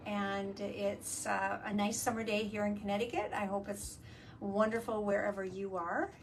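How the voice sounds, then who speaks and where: A woman hosting a casual live video chat from a work studio. She explains things eagerly and uses many fillers. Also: mid-range voice. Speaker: host. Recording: distant mic, faint ambient noise.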